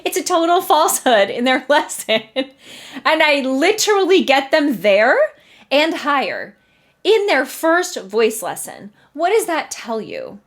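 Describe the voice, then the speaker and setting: Animated woman voice teacher, lively pitch. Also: measured pace. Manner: animated and chatty, laughs often; acts out students' doubting thoughts. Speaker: voice teacher and podcast host. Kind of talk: casual solo podcast talk.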